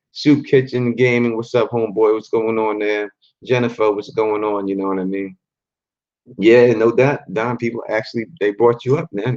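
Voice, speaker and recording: A man hosting a casual livestream, his voice a little rough after a late night, giving laid-back shout-outs to his chat in street slang. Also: lowish voice, highs cut off. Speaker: channel host. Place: hotel room at a fan convention. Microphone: phone or laptop camera.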